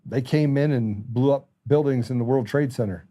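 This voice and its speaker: Middle-aged male host, mellow dark tone, furious impassioned monologue. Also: mid-range voice, normal speed. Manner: angry, impassioned ranting. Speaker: talk show host. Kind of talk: political commentary monologue.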